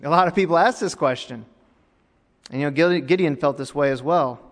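A male pastor delivers a sermon in a fairly high voice, dropping to near-hushed tones and then rising into emphatic, louder passages. His words ring out with a long reverb, as if recorded in a large church hall. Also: a little fast. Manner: dramatic preaching that swings between hushed and raised.

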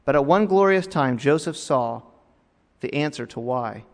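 A man preaching a sermon as pastor, his delivery swinging between hushed, quiet stretches and raised, emphatic ones. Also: a little high, lively intonation, a little slow, in a large hall.

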